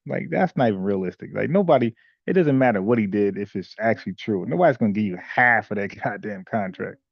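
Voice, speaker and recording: A man with a gravelly voice chats casually as a co-host, blunt and slangy, mocking what he talks about. His recording sounds dull and lo-fi, with no room echo. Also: lowish voice, animated, fast. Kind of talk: casual opinionated chat.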